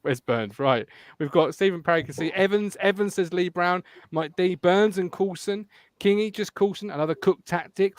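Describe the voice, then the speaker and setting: A man hosts a football podcast in a casual, teasing way, and he reads listener comments aloud. His voice sits a little high for a man and is recorded close and dry. He sounds animated and chatty throughout. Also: moderate pace, no echo. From England. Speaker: podcast host.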